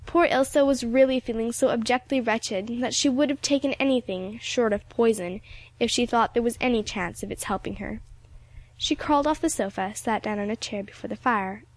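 A woman narrating an audiobook in a steady, expressive reading. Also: on the high side.

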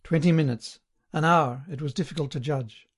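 Guy narrating an audiobook, kinda higher voice, calm measured reading. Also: breathy edge. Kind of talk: scripted narration.

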